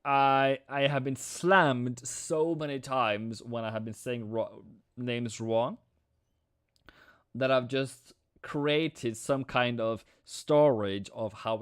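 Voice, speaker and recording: Slow, smooth-voiced man commentating a live stream. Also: medium pitch, dry recording, clean studio sound. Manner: excitable, slangy, calls viewers mate and bro. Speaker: forex trading streamer.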